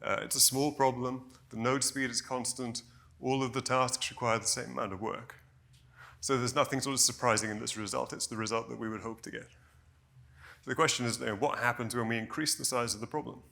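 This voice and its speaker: Gravelly, bright-toned male conference speaker. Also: medium pitch, steady tone. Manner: measured, explanatory, with frequent "you know" and self-corrections. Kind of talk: technical conference presentation.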